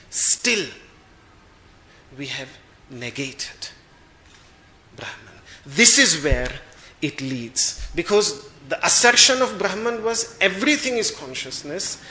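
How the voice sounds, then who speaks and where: A man giving a spiritual discourse as a Vedanta teacher, slow and measured, pausing to search for words as he explains. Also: a little high, bright, forceful tone, reverberant.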